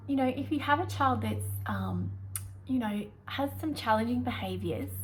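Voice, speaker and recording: A woman's voice: high voice, a little hiss or hum, rough recording. An Australian woman, a young adult prep teacher, giving chatty, upbeat classroom tips and sometimes dropping to a whisper.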